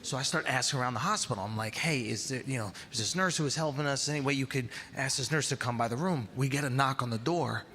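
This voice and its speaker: A man doing stand-up in a large theater, telling a story and acting out the dialogue, sliding from hushed to shouting. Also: mid-range voice, fast, few pauses, a little hiss or hum. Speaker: stand-up comedian. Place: large theater stage before a live audience. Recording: live theater with long reverb and crowd ambience.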